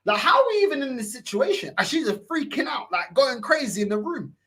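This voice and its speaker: Animated young London man, husky voice. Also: extremely high pitch, a little fast. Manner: animated, acts out quotes in shifting voices, laughs often. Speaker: podcast host. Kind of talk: casual storytelling chat.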